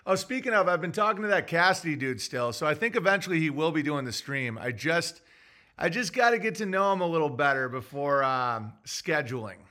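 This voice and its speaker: Guy doing a loose rambly livestream, kinda high voice, reads chats out, lots of ums. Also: expressive, brisk, bright, forceful tone. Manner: rambling and offhand, with frequent fillers and restarts. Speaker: livestream host reading viewer chats. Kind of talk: casual livestream chat.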